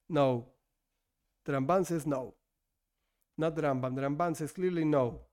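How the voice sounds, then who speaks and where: A man's voice: a little high, a little slow, pauses often, darkish tone. A man whose first language is not English, teaching an informal Torah lesson in a conversational way that corrects itself as he goes and asks and answers his own questions.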